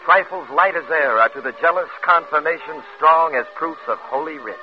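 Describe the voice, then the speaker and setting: An actor playing a sly, scheming villain in a 1950s radio drama, speaking in smooth, insinuating tones on an old radio broadcast. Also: male voice, on the high side, moderate pace, highs cut off, over music, close to an everyday voice.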